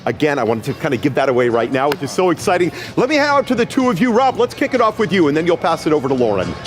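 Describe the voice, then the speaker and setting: A man's voice: on the high side, huge pitch swings, rapid-fire. A man hosting a live event broadcast, upbeat and enthusiastic as he hands off to co-hosts. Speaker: broadcast host.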